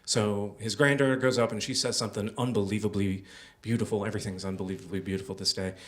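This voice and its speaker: A man's voice: fairly low pitch, steady tone, quick pace, a bit bright. A young man telling a personal story on a small theater stage, conversational and full of "like" and "uh". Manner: conversational, filler-heavy with many "like" and "uh". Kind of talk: live storytelling.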